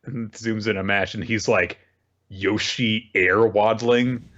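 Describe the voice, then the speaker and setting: A man hosting a casual podcast, telling a story in a lively way. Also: fairly low pitch, slow, dull audio, slight background noise. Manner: animated storytelling, acts out characters. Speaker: podcast host recapping manga. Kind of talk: casual chat.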